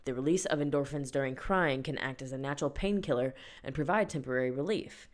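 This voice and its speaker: A young woman with a strikingly deep voice hosts a casual solo podcast. She talks in a chatty, playful way, often laughing and tossing in slang. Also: quick pace. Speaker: podcast host.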